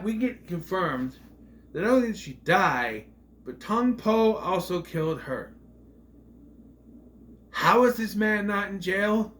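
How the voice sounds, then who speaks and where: A man with a voice on the high side reviews a movie in a loose, rambling, offhand manner. He recounts scenes using quoted voices and erupts into loud mock outrage, with slight background noise behind him.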